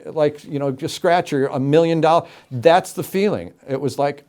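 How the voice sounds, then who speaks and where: A middle-aged man from Florida, an interview guest telling his story with animated, emphatic delivery and acted-out quotes. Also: a little high, moderate pace. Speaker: interview guest, game show announcer.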